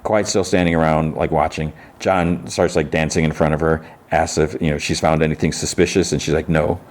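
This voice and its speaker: Deep-voiced man recapping a TV episode. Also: little pitch movement, brisk. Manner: rambling, with frequent restarts and "he's like" quotes; laughs while telling the story. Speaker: podcast host.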